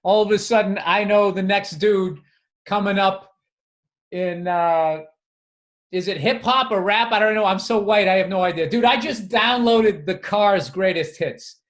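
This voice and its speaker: A man's voice: high voice, a little slow. A man co-hosting a podcast, talking in a blunt, teasing, profane casual chat. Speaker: podcast co-host.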